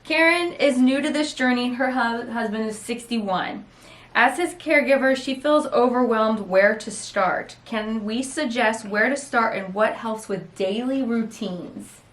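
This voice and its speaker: A middle-aged woman hosting a casual home chat as a caregiver, talking in a quick, rambling way. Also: a little high, echoey room. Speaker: caregiver and host. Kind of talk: casual chat answering viewer questions.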